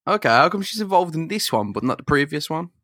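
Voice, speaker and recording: A man co-hosts a podcast with a bright, forward voice, trading wry, sweary quips and laughs. The sound is close and dry, with no room around it. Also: a little high, big pitch swings, fast, no echo. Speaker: podcast co-host. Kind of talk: casual comic recap chat.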